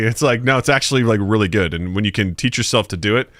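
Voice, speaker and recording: A man in his thirties co-hosting a podcast, telling stories with lots of laughs and acting out quotes in a high, lively voice. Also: fast, no echo, clean studio sound. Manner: animated storyteller, acts out quotes in a high voice; laughs often. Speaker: podcast co-host. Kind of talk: casual podcast chat. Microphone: podcast mic.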